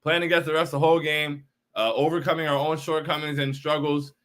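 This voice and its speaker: A man's voice: fairly high pitch, level tone, a little fast, a bit bright. A young man hosting a postgame livestream, frustrated and repetitive, often saying bro while reacting to chat. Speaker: postgame show host.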